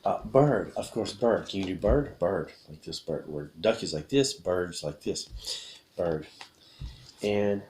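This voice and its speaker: A fairly low-voiced man leads an English lesson to camera, repeating each word slowly while he shows its gesture. He sounds upbeat and patient. A faint hiss sits under the recording. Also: animated, a little mellow. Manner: upbeat, repetitive, demonstrating words slowly. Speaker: English teacher. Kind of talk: video lesson teaching gestures to learners.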